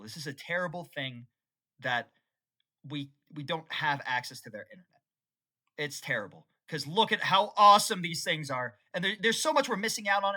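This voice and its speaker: A young man rambling unscripted on camera, laughing and swinging from excited outbursts to mock-solemn musings. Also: fairly high pitch. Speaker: YouTuber. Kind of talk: unscripted rambling vlog commentary.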